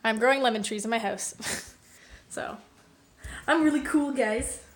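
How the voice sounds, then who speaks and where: Chatty high-pitched woman streaming from home. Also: measured pace. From Canada. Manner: chatty, rambling, lots of fillers and swearing. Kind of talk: casual live-stream chat. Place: home, indoors.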